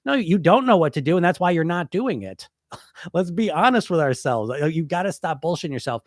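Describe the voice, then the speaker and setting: A man's voice: fairly high pitch, very animated, a little fast, no room sound, clean studio sound. A middle-aged man with a stuffy head cold, hosting a casual podcast, talking bluntly and rambling with many fillers. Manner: blunt, rambling, lots of "you know" fillers. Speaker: podcast host and hypnotist weight coach. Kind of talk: casual live-stream talk answering questions.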